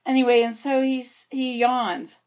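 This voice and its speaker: A woman's voice: fairly high pitch, level tone, measured pace, darkish tone. A woman vlogging to camera, chatting in a rambling, meandering way with little asides to herself. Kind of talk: casual chat to camera. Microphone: camera facing her like a mirror.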